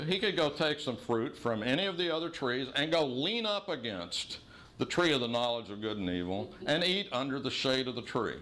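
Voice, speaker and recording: A middle-aged man preaching a sermon as pastor, teaching in an earnest tone and slowing to stress key phrases. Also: mid-range voice, a bit bright.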